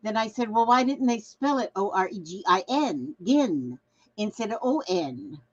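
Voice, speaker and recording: A woman's voice: mid-range voice, lively intonation, normal speed, dull audio. A woman hosting a casual craft livestream, chatting in a rambling way and reading viewer comments aloud. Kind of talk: casual live-stream chat.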